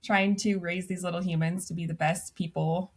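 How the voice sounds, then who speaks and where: A woman's voice: on the low side, flat delivery, normal speed. A woman in her thirties, a podcast guest, telling stories in casual chat and laughing often. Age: 30s. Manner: chatty storyteller, laughs often.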